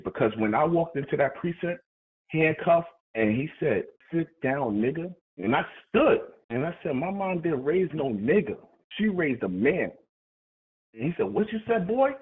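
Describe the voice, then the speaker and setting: A husky man from New tells a personal story, talking casually and acting out the people in it. His voice sits at a middle pitch. The sound is thin and tinny, like a phone line. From New York. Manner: animated, conversational, acts out quoted dialogue. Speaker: motivational speaker.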